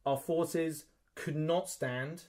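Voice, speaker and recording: A man's voice: fairly high pitch, very slow. A man co-hosting a podcast, telling a story in casual chat and acting out the quotes. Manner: animated storyteller, acts out quotes, swears. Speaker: podcast co-host.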